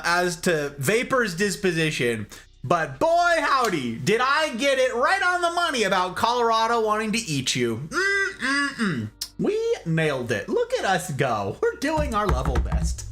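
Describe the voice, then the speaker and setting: A man streaming a game and chatting playfully with his live chat. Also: high-pitched. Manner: playful, animated, jokey banter with chat.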